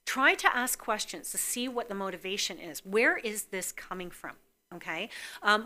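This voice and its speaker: A woman hosts a call-in show with a bright, forceful voice. She talks casually and animatedly to viewers. She acts out the voices in her stories as she goes. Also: mid-range voice, moderate pace. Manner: animated storytelling, acting out dialogue. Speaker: psychic call-in show host.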